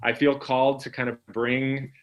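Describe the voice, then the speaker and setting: A man who works as an anthropologist, a guest on an interview, explaining his ideas in a measured, thoughtful way. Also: mid-range voice, flat delivery. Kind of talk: conversational interview.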